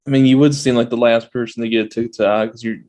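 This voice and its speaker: Homem com piadas secas num podcast. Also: male voice, mid-range voice, steady tone, fast talker, a little mellow. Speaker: podcast co-host. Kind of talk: casual comedic chat.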